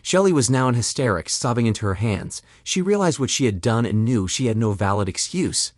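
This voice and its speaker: A man narrating a dramatic story in an expressive, scripted reading. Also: medium pitch, fairly quick, no room sound, studio quality.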